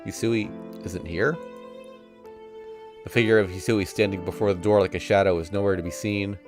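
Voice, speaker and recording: A man's voice: fairly low pitch, fairly even intonation, normal speed, music in the background. A man reading a visual novel aloud on stream, narrating casually in the first person. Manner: casual first-person narration that voices sound effects playfully.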